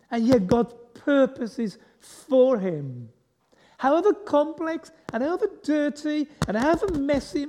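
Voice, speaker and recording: A man's voice: very high-pitched, darkish tone. Conversational male preacher in an echoey hall. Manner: conversational, asks the congregation questions, self-deprecating humour. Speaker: guest preacher. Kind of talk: sermon. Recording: long echo of a large hall.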